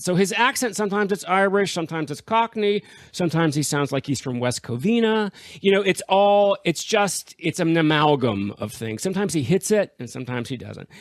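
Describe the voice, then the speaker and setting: A man's voice: on the high side, no room sound, studio quality. A man co-hosting a podcast, talking about old films in a casual, enthusiastic way and laughing often. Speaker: podcast co-host. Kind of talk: casual film discussion.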